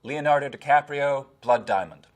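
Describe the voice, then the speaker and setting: A man's voice: medium pitch, moderate pace. A man working as an accent and dialect coach, giving frank, analytical commentary on film clips. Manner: analytical, frank, plainly critical.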